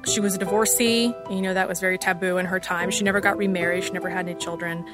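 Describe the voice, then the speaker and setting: A woman's voice: on the low side, little pitch movement, fast talker. Woman casually telling a ghost story. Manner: casual and candid, with fillers and restarts. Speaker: storyteller guest. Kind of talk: personal ghost story told in conversation. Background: music score.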